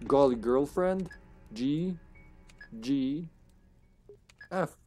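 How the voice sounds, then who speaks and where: A man's voice: medium pitch, animated, extremely slow, mellow, soft background music. A man streaming a game live, giving casual commentary, joking, laughing often and talking to his co-op partner.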